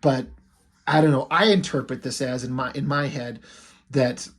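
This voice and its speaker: Husky-voiced man chatting casually about comics. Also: mid-range voice, fairly even intonation, normal speed. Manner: loose and profane, thinking aloud; admiring, lingers on the art. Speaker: comic book reviewer.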